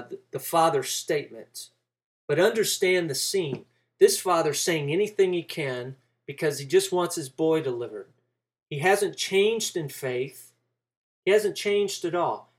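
A man preaching a sermon, walking through a passage and acting out the quoted lines with rising emphasis. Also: a little high.

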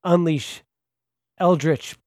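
A man putting on a dramatic trailer announcer voice with booming, theatrical promo delivery. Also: slow pace, darkish tone, no echo, clean studio sound.

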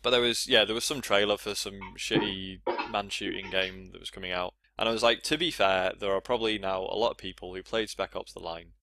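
A man's voice: sits low, steady tone, a little fast, few pauses, bright, forceful tone. A young English man co-hosting a podcast, talking casually and rambling, with lots of fillers and frequent laughs. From England. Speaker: podcast co-host. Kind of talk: casual chat.

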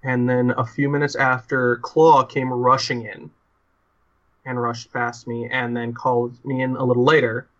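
A man's voice: medium pitch, flat delivery, fairly bright tone, highs cut off, natural voice. A man voicing a weary, secretive creature guard. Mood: uneasy. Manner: halting, full of restarts.

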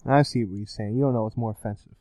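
A man's voice: on the low side, steady tone, fast, dark tone, a little hiss or hum. Teasing young man on a podcast. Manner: teasing, laughs often. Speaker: podcast co-host. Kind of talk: casual chat.

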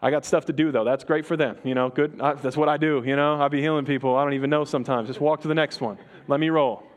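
A man's voice: a little high, steady tone, fast, voice pushed down, natural voice. A man voicing a laid-back, slangy man on the move, speaking in a breezy, offhand way.

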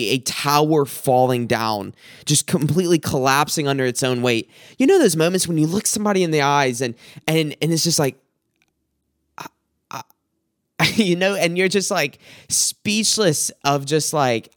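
A young man hosting a podcast, giving a reflective faith talk in an earnest, halting way, often repeating words as he tells a personal story. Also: on the high side, no room sound, studio quality. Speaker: podcast host.

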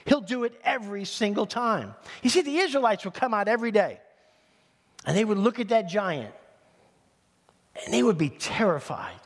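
A man pastor from New City, preaching in an animated, conversational way with humorous asides. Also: high voice, normal speed, pauses often. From New York City. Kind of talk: sermon. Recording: long hall reverb.

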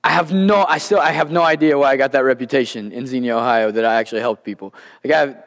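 A man's voice: mid-range voice, quick pace, gravelly. A man preaching a sermon as a story, acting out the lines of the people in it with animation. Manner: animated, acts out quoted dialogue. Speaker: pastor. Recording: long reverb of a large hall.

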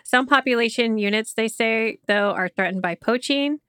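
A woman's voice: a little high, normal speed, bright, forceful tone, smooth, dry recording, studio quality. A woman from Oklahoma co-hosting a casual podcast chat, reading facts from notes with chatty asides. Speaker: podcast co-host.

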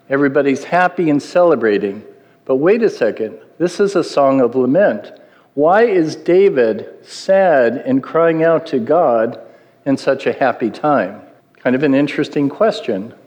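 A man's voice: medium pitch, a little mellow. A middle-aged man preaching a sermon in an earnest teaching manner, putting questions to his listeners. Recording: long hall reverb.

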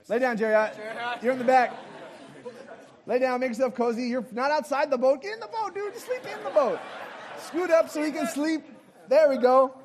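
High-pitched guy preaching, playful, getting the crowd to act the scene out with him. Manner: jokey asides with light laughs. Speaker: pastor. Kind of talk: interactive sermon.

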